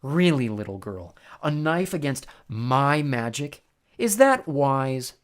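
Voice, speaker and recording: A man's voice: huge pitch swings, takes it slowly, full character voice. A man voicing a haughty, easily flustered female sorceress in a storybook reading, drawling and mocking. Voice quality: high, shrieking put-on voice. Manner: drawling, mocking, then yelping.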